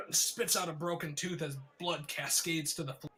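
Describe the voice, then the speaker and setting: A man narrating a tabletop game as game master, in vivid, descriptive narration with filler pauses. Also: fairly high pitch, steady tone, sharp tone.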